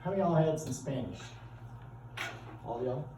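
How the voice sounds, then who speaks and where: A man's voice: mid-range voice, lively intonation, a little fast, noisy background. A middle-aged man, teaching a class in a casual, joking, chatty way. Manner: folksy, joking, chatty with students. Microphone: far from the speaker. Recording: roomy classroom from far off.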